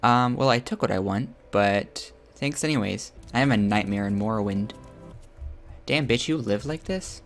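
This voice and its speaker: A man giving crude, joking commentary while playing a video game, with loud excited outbursts. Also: lowish voice, normal speed, soft background music. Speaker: gamer streaming his own play. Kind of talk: profane let's-play commentary.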